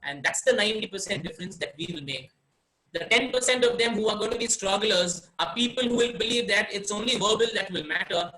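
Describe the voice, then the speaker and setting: A man from India giving a webinar on presentation skills, speaking expressively and playing with pauses and emphasis. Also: sits high, sharp tone, rough recording. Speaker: webinar speaker, success coach. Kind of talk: online presentation training.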